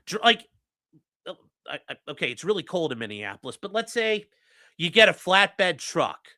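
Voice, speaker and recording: A bright, sharp-toned streamer talks through the law in a loose, profane way, reacting to chat with scorn. The pitch jumps around, punchy one moment and muttered the next. The sound is close and dry. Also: moderate pace, dry recording. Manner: blunt, profane and mocking; animated, swinging between loud outbursts and muttering. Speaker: legal commentary streamer reading chat. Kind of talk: casual livestream commentary.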